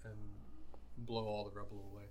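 A man playing a tabletop game, thinking aloud in a relaxed way as he describes his moves. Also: on the low side, brisk. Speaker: player. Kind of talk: casual tabletop play.

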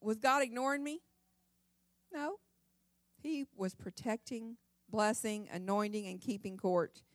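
Middle-aged woman speaker, higher voice, dry close sound, emphatic testimony-style delivery. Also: measured pace, pauses often, dry recording. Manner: dramatic, emphatic storyteller. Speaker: church speaker. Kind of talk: sermon testimony.

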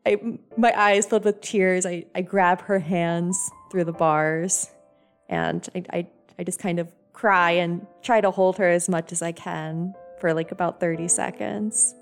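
A woman's voice: on the low side, fairly even intonation, unhurried, soft background music. A woman playing a tabletop game, speaking emotionally in character as a mother. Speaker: player. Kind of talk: tabletop role-play.

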